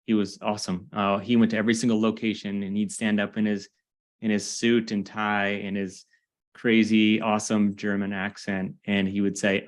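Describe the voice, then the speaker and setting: A man's voice: lowish voice, little pitch movement, fairly quick. A man hosting a podcast interview, asking long rambling questions with many restarts. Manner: chatty, restarts often. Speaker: podcast host. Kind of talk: casual interview.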